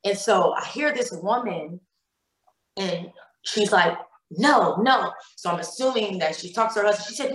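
A woman's voice: mid-range voice, normal speed, a bit bright. Woman telling an emotional story, echoey room. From Cleveland, Ohio. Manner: emotional retelling with many repeated words and quoted dialogue. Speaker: guest. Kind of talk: personal storytelling in a podcast interview.

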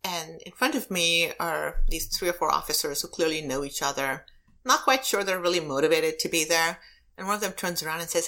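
A woman's voice: on the low side, fairly quick, pushed and bright. A woman who is a prosecutor and elected official, answering interview questions with earnest, emphatic personal stories.

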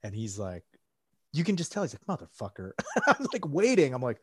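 A man's voice: fairly high pitch, huge pitch swings, normal speed, a bit bright, breathy edge, no echo, studio quality. A man chatting casually on a podcast, telling a long, profane story full of "like" and acted-out quotes.

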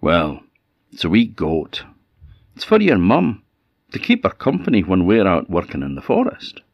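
A man's voice: sits low, huge pitch swings, normal speed, no room sound, highs cut off, full character voice. A man with a Scottish accent voicing a mild, eager old woodcutter. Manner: plain-spoken, hushed and secretive at times.

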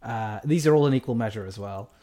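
A man's voice: lowish voice, fast talker, mellow. A man hosting a casual chat, talking in a loose, chatty way with frequent laughs and hedging asides.

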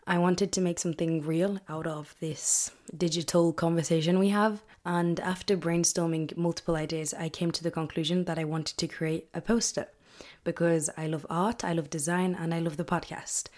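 Chatty young woman, slightly low voice. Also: moderate pace. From England. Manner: chatty and excitable, rambling asides. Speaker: podcast host. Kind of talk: casual solo podcast chat.

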